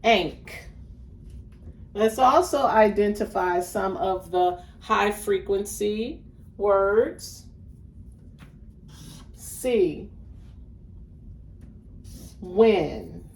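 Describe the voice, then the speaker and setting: Slow, deliberate woman teaching phonics. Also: mid-range voice, creaky. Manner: slow, overemphasized sounding out of word chunks. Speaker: reading teacher. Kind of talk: phonics lesson. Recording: echoey room, voice a bit far from the mic.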